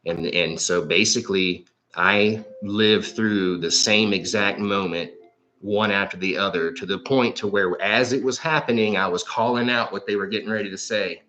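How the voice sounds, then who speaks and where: Low-voiced rambling man, casual storyteller. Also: steady tone, moderate pace, sharp tone. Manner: rambling, heavy swearing, many fillers. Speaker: psychic livestream host. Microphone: livestream microphone.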